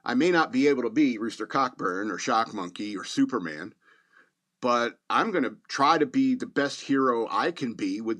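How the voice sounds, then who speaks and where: A man's voice: medium pitch, very animated, moderate pace, fairly bright tone. A man in his fifties hosting a podcast, rambling through a casual story with chuckles and fillers. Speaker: podcast host.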